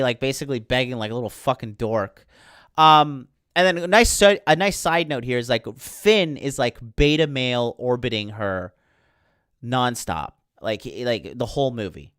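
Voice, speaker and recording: A man hosts a livestream and rants into the mic in a heated, rambling stream full of swearing. His voice is smooth and mid-pitched, with a dry sound and no room echo. He sounds sleepless late at night. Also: measured pace, a bit bright. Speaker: podcast host. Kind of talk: ranting livestream monologue.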